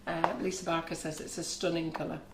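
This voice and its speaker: A woman's voice: low voice, little pitch movement, a little fast, background noise. A woman co-hosting a live cake decorating stream, reading out viewer comments and asking the decorator questions. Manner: chatty, reads out comments and asks questions. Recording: echoey kitchen.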